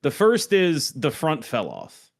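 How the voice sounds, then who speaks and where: A man's voice: on the high side, wildly swooping pitch, slow, a little hiss or hum. A man co-hosting a podcast in casual chat, rambling and joking, often breaking into laughter. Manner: jokey, rambling, laughs at bits. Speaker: podcast co-host.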